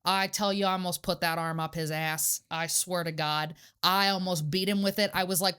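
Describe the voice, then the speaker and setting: A young woman co-hosting a casual podcast, telling stories in a profane, animated way with sarcastic asides. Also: fairly low pitch, moderate pace, hardly any pauses, clean tone. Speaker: podcast co-host. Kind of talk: casual true-crime podcast chat.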